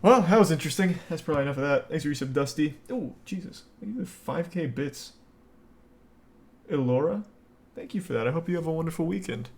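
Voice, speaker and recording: A man's voice: on the high side, animated, a little fast. A male streamer chatting casually, reacting to clips with wry remarks and thanking viewers. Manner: laid-back, wry commentary, thanking viewers.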